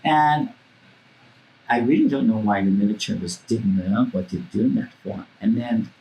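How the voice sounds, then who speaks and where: In an interview, a woman from Hawaii with a rumbling low, warm voice tells stories bluntly at a moderate pace, recorded in low quality. Her storytelling is casual, she swears freely, and she acts out the voices of the people involved.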